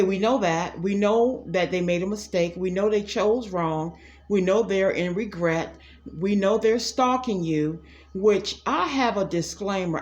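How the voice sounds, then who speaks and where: A middle-aged woman giving a casual psychic reading straight to her viewers, blunt and sassy, calling them "y'all". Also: mid-range voice. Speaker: psychic tarot reader. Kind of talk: casual direct-to-camera reading.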